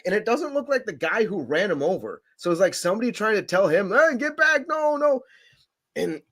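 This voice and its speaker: A young man hosting a podcast, chatting casually in a rambling, profane, laughing way. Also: mid-range voice. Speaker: podcast host. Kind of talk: casual chat.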